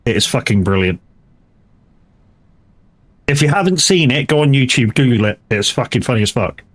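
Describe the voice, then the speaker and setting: A male live streamer with an expressive, mid-range voice chats loosely at a moderate pace while he plays. He wanders from topic to topic, swears casually, and often restarts his sentences.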